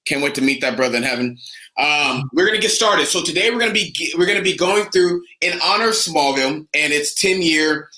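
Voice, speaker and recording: Casual co-host, young guy, higher voice, excited fan energy. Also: brisk, reverberant, rough recording. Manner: enthusiastic, animated fan talk. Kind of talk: casual podcast chat.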